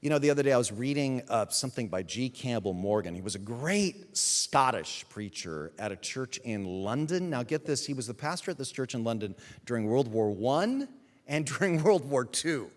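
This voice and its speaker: A man, the pastor, giving a sermon in an emphatic storytelling manner with dramatic pauses. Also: medium pitch, expressive, big-room sound. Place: church sanctuary.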